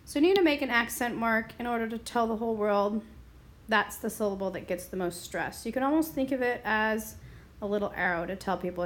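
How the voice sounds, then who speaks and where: A woman teaching a lesson, explaining step by step and sounding words out slowly. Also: on the high side. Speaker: Spanish teacher. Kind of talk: classroom explanation.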